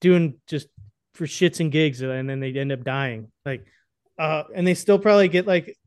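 A man's voice: on the high side, normal speed, smooth, dry recording. A young man co-hosting a podcast in casual, rambling chat, crude and often laughing. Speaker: podcast co-host.

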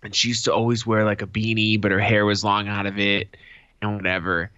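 A man's voice: on the low side, flat delivery, brisk, pushed and bright, clean tone, no room sound, dull audio. A man co-hosting a podcast, joking crudely in casual banter and recounting his own stories. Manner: crude, joking banter with playful quoted lines. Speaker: podcast co-host. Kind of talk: casual chat.

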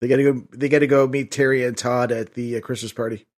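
A man's voice: mid-range voice, flat delivery, quick pace. A man co-hosting a podcast, chatting casually about a movie and dropping dry wisecracks. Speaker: podcast co-host. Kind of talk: casual movie riffing chat.

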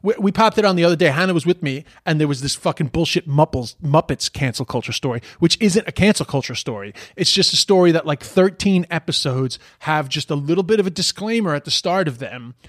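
A man telling a story in a casual podcast monologue, sweary and animated. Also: fairly high pitch, brisk, hardly any pauses, dry recording, clean studio sound. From Ireland.

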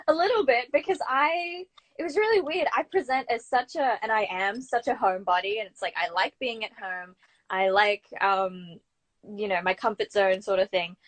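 A young Australian woman, an actor, telling her story in a chatty, animated way as an interview guest. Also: fairly high pitch, moderate pace. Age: young adult. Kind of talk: casual interview chat.

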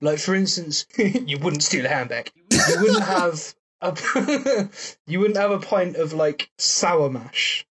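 Man, fairly high voice, podcast host, playful banter. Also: animated, slow pace, a bit bright, slightly rough. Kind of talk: casual podcast chat.

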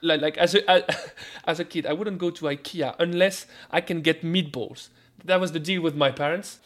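French-accented male food scientist, high voice, lively radio guest. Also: normal speed. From France. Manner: animated, repeats words when starting sentences. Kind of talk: radio interview.

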